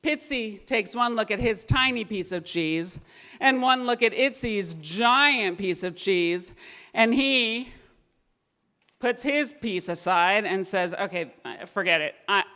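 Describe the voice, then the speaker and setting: Woman telling a lively children's story. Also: medium pitch, slow. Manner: lively, animated narration. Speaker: storyteller at a family service. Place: synagogue sanctuary. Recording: echoey hall with long reverb.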